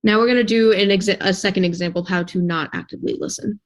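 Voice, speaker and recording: Quick earnest teenage girl. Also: medium pitch, steady tone. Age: teens. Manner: earnest, explanatory. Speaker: student board member. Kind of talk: role-play and explanation.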